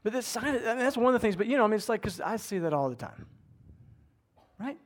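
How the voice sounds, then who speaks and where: A middle-aged man preaching a sermon, his voice sitting a little higher than most men's. He talks in a loose, conversational way, often slipping into the voices of people talking to themselves. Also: quick pace. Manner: conversational, animated, acts out inner voices. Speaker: pastor.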